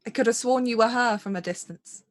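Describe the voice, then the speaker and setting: A woman's voice: fairly high pitch, a little fast, natural voice. A woman voicing Mara, a grieving noblewoman who speaks earnestly and apologetically to her estranged younger sister, in a tabletop role-play. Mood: remorseful.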